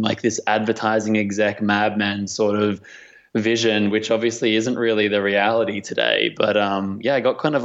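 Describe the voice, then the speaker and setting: A chatty Australian man around thirty talks loosely and with humor, leaning on fillers. His voice sits on the low side. The sound is somewhat dull and lo-fi. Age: late 20s to 30. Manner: chatty, self-deprecating, many fillers. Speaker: guest, marketing executive. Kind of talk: casual interview.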